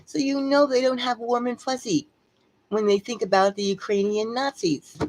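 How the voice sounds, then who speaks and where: A woman's voice: on the high side, steady tone, moderate pace, darkish tone, low-quality recording. A woman hosting a livestream, ranting in an agitated way about politics and repeating words for emphasis. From United States. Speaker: tarot channel host.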